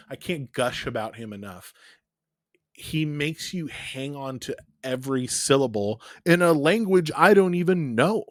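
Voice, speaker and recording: A man's voice: mid-range voice, lively intonation, a little slow, dry recording, studio quality. Enthusiastic, swearing man chatting. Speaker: podcast co-host. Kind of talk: casual chat.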